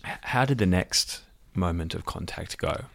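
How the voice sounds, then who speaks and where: A man interviewing a guest on the radio, asking gentle, probing questions. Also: deep voice, lively intonation, normal speed, creaky, dry recording.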